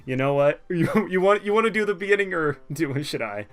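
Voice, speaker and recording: A man co-hosting a casual card game review, loud and joking in easy banter. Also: on the high side, animated, brisk, clear, resonant tone. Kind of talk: casual chat.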